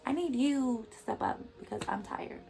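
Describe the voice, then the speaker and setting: A woman doing a whiny, pleading woman who begs for help with her bills. The voice has a rough, gravelly grain. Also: high voice, expressive, normal speed, a little mellow, soft background music, voice pushed up. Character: whiny woman demanding a man pay.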